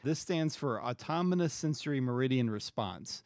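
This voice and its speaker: A male podcast co-host chats casually, laughing often and searching for words. His voice sits at a middle pitch and sounds dry and close to the mic. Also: expressive, normal speed, darkish tone, no room sound. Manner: laughs easily, hesitant. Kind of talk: casual chat.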